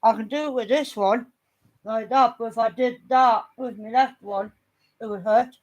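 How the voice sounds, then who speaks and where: A woman's voice: a little high, normal speed, muffled recording. A woman, chatting casually on a vlog, blunt and teasing, swearing freely. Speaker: vlogger. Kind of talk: casual chat.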